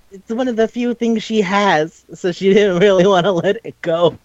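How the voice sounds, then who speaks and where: A man's voice: high voice, normal speed, highs cut off, a little hiss or hum. A man co-hosting a casual chat, recapping an anime with lots of swearing and quoted voices. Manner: profane, animated retelling with quoted voices. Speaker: podcast co-host.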